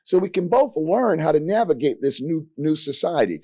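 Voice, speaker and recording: A man's voice: fairly high pitch, very animated, normal speed, darkish tone, breathy edge, no room sound. Dry-miked older man moderating a panel. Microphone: podium mic.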